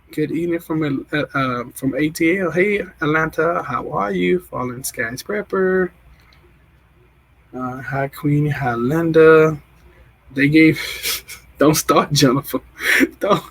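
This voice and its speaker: A man's voice: a little high, creaky, fairly bright tone, husky, poor audio. A man in his forties hosting a casual live stream, chatty and emotional as he greets viewers and answers their comments. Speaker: livestream host.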